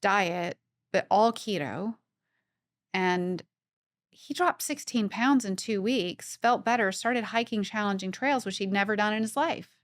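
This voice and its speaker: A woman guest on a podcast, telling stories in a brisk, opinionated way during casual chat. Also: mid-range voice, no room sound, clean studio sound.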